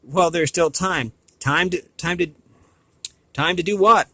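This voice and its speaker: A man's voice: unhurried, sharp tone, dry recording. Man reading a novel, stumbling often. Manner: stumbles and restarts on words, adds asides; raises pitch for quoted dialogue. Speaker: reader.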